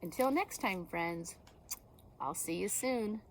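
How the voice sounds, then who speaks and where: Lively teacher reading aloud to kids. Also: female voice, medium pitch, slow, a little hiss or hum. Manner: gentle, animated, asks children questions. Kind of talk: children's picture-book read-aloud.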